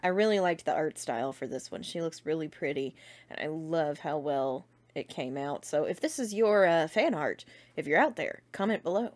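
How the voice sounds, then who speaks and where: A woman's voice: low-pitched, animated, moderate pace, a little mellow. A young woman hosting a casual fan vlog, chatting and reading out memes with frequent giggles. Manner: giggly, chatty, laughs often. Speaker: fan channel host.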